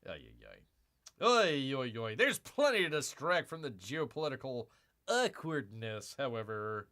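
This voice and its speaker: Middle-aged guy doing sarcastic news rants, bright voice that jumps all over, kinda high. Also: sing-song, measured pace. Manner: sarcastic, rambling, mocking voices. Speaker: livestream host. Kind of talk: casual commentary on news.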